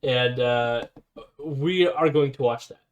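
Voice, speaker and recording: This is a man hosting a casual live stream, reading an article aloud and commenting on it with fillers and self-corrections. His voice is medium-pitched and slow, and the audio sounds dull.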